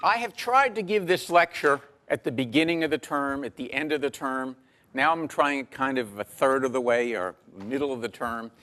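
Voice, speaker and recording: A man lectures to a university class, his voice sitting at an ordinary middle pitch. He speaks in a measured way, slipping in dry jokes between ums and uhs. He is heard on a lapel mic in a large lecture hall. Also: fairly bright tone.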